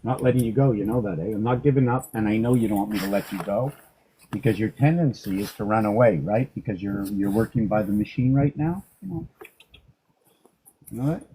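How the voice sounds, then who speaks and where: A middle-aged man grooming a dog, talking to it in a soft, coaxing way and joking with himself as he works. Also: lowish voice, a little fast, slightly rough, low-quality recording. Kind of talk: rambling talk to a dog while grooming.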